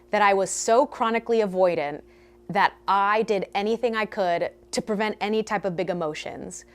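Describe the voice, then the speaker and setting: Young woman vlogging about her life, candid and self-mocking, easy middle-pitched voice. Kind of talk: personal storytelling.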